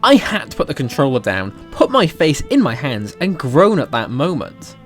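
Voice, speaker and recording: A man's voice: a little high, wildly swooping pitch, normal speed, faint music behind. A Welsh man doing casual video commentary, talking animatedly and sarcastically and swearing freely. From Wales. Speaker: YouTuber.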